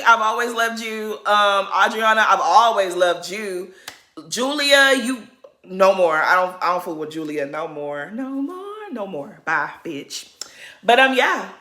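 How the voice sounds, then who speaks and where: A woman's voice: on the high side, bright, forceful tone. A woman vlogger recapping a reality show in a sassy, gossipy way, laughing often. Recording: roomy echo.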